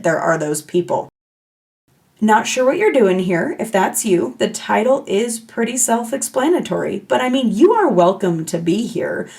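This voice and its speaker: Chatty woman with a gravelly edge. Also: mid-range voice, a little mellow. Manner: chatty, playful, self-mocking oversharer. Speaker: podcast host. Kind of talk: casual solo podcast chat.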